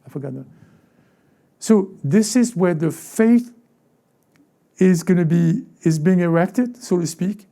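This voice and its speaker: A male pastor delivering a sermon in a church, his voice gravelly and very dark. He fires rhetorical questions at the congregation and slips into brief acted-out voices of the people he describes, and he often repeats and restarts his phrases. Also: high voice, animated, takes it slowly, pauses often. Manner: acts out short quoted voices, asks the congregation rhetorical questions. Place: church sanctuary.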